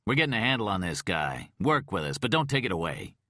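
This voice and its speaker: A man's voice: on the low side, big pitch swings, fast talker, bright, forceful tone, dry recording, clean studio sound, pitched above the performer's own voice. A man voicing a stern, bedridden male forensic detective in an audiobook who speaks curtly and firmly. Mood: pressing.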